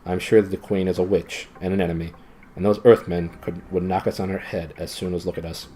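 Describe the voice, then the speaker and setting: Man voicing a low, grave, cautious storybook guide creature. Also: level tone, brisk, mellow, a little hiss or hum, lightly acted. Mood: grave warning. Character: gloomy cautious marsh-wiggle guide, adult male. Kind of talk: storybook reading.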